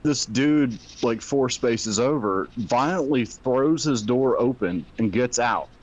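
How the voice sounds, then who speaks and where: A man chatting casually on a podcast, telling stories with a lot of swearing and halting restarts. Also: medium pitch, a little mellow. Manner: storytelling, profane, hesitant restarts. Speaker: podcast guest. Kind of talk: casual chat. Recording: dull lo-fi audio.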